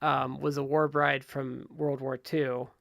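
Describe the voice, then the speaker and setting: A man's voice: mid-range voice, flat delivery, slow pace, creaky, fairly bright tone, dry recording. A man co-hosting a casual wrestling podcast, chatty and filling his talk with "like". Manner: chatty, filler-heavy with "like". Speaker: podcast co-host.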